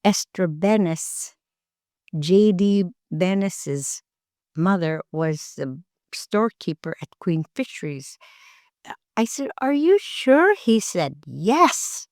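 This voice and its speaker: An older woman from Alaska, an elder telling family stories in an interview, slow and gentle, acting out the dialogue. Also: on the low side, no echo, clean studio sound. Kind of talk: storytelling in an interview.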